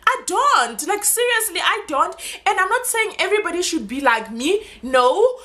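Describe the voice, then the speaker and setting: Passionate high-voiced woman vlogger. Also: big pitch swings, moderate pace, a bit bright. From southern Africa. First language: Shona. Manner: passionate, emphatic, rhetorical questions. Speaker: YouTuber. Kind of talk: casual vlog talking to camera.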